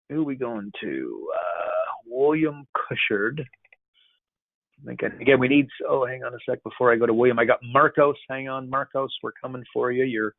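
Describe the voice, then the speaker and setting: A man's voice: medium pitch, gravelly, dry recording. A man hosting a casual video-call Q&A, upbeat and jokey, calling people buddy. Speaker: host of a software Q&A call. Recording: tinny phone-like call audio.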